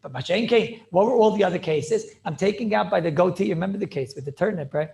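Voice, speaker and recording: A man, a rabbi, teaching a Talmud class over a video call in an excited, rapid way, repeating himself and asking rhetorical questions. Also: sits high, creaky. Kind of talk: animated yeshiva-style lecture.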